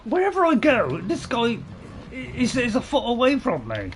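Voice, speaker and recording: A gamer giving live commentary while playing, getting exasperated, shouting at enemies and laughing at their own panic. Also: medium pitch, wildly swooping pitch, moderate pace, a little hiss or hum. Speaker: let's play gamer.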